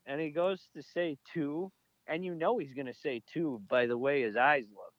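A man co-hosting a podcast, telling stories in an animated, excitable way and laughing often. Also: medium pitch, moderate pace, no echo, dull audio. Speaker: podcast co-host. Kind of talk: casual chat.

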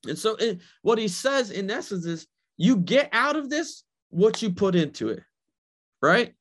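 A man's voice: sits high, sing-song, measured pace, a bit bright. A male pastor preaching a sermon, often repeating phrases and checking in with "right?", and voicing God in casual everyday words.

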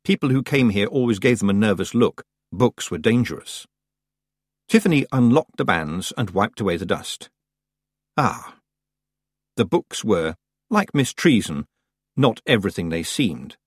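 Male audiobook narrator, scripted storytelling, animated pitch, dry close sound. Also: unhurried, long pauses, no echo. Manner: expressive storytelling reading.

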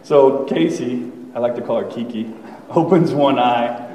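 A man in his thirties telling his personal testimony to a church congregation, candid and conversational, with fillers and soft laughs. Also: mid-range voice, measured pace, a little hiss or hum. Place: church sanctuary. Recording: echoey hall, voice from far off.

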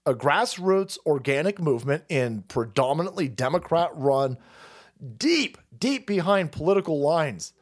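A man hosting a livestream, ranting profanely and sarcastically, often laughing. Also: fairly high pitch. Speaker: host. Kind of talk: livestream political rant.

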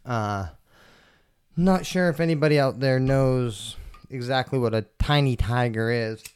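A man's voice: medium pitch, unhurried, darkish tone, clean tone. A man hosting his own podcast from a table at home, rambling and swearing in a laid-back way while he is stoned. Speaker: podcast host. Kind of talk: casual solo podcast chat. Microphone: table mics.

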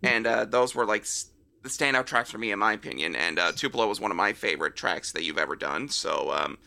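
Bright, smooth-voiced male podcast host. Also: fairly low pitch, animated, fast talker. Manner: enthusiastic fan, hesitant fillers. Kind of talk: casual interview.

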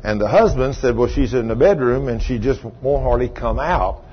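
Folksy preacher man, husky voice. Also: mid-range voice, expressive, moderate pace. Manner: folksy, rising to emphatic outbursts. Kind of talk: sermon storytelling. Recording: dull lo-fi recording.

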